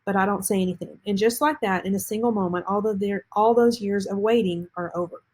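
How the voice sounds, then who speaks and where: Woman, husky breathy voice, reading a novel aloud, halting, stumbles and restarts. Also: medium pitch, a little mellow. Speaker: reader.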